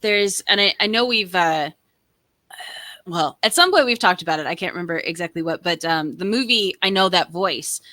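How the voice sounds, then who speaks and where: A woman's voice: fairly low pitch, animated, normal speed, bright, forceful tone, no echo. A woman co-hosting a casual art podcast, talking with eager enthusiasm and rambling asides. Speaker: podcast co-host. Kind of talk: casual chat.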